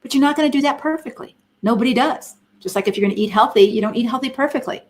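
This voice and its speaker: A woman's voice: fairly high pitch, quick pace, a little hiss or hum. A middle-aged woman giving an earnest, emphatic teaching talk on a live stream, asking many rhetorical questions. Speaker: Christian counselor and speaker.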